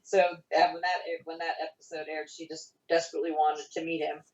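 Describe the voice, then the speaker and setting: Woman, middle-aged, fast-talking, former child actor, distant echoey dull video-call sound. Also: sits low, little pitch movement, a little mellow. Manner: fast-talking, laughs often. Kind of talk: casual remote interview.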